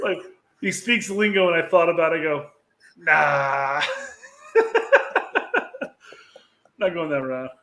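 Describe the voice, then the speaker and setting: A man co-hosting a soccer podcast in casual banter, teasing his co-host, quick with jokes and often laughing. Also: sits high, wildly swooping pitch, fairly bright tone.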